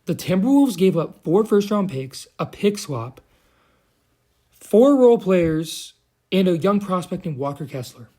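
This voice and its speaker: A man's voice: sits high, sing-song, a little slow, dark tone. Heated, profane young man ranting. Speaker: commentary vlogger. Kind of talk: ranting commentary.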